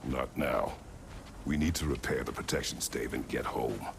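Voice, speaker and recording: An actor playing a grim, hulking warrior-god father who speaks in terse, clipped commands with a deep gravelly growl, in a video game cutscene. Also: moderate pace, in a large hall, heavy background noise. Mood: gruff.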